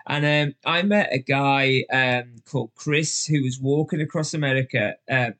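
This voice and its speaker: A man's voice: medium pitch, a bit bright. Liverpudlian man, podcast guest, loose anecdotal storyteller with plenty of "you know". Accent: Liverpool English. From England. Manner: chatty storyteller, lots of fillers, acts out voices. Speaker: guest, ultra endurance runner. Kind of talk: casual podcast chat.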